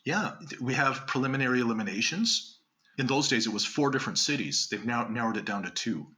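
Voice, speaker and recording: Canadian-raised guy telling magic stories in an interview, really bright voice, lively and laughing. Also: mid-range voice. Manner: animated storyteller, quick asides and laughs. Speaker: guest magician. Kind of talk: casual interview storytelling.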